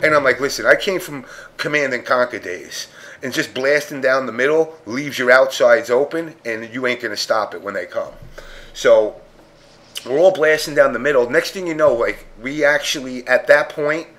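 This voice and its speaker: A man's voice: mid-range voice, moderate pace, fairly bright tone. Blunt, profane man telling a story. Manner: profane, blunt, acts out quotes. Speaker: podcast panelist. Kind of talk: casual chat storytelling.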